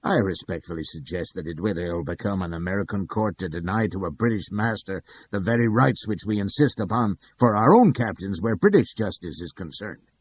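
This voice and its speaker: Man playing a stiff polite lawyer objecting, husky, low voice. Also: expressive, a little fast. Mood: formal protest. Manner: formal, courtly protesting. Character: smooth measured male defense lawyer.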